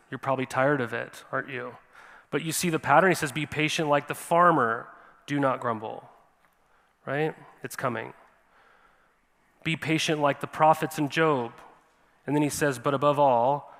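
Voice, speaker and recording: A man preaching a sermon as pastor, animated and often checking in with his listeners. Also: medium pitch, vocal fry, in a large hall. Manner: animated, repeats "right?" to the congregation. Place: church sanctuary.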